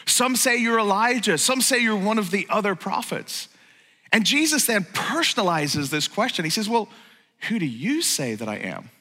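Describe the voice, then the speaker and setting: A male pastor delivers a lively sermon and keeps slipping into acted-out quotes and casual asides. His voice sits high and bright, and a long reverb trails after it. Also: moderate pace. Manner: animated, acts out quoted lines, conversational asides.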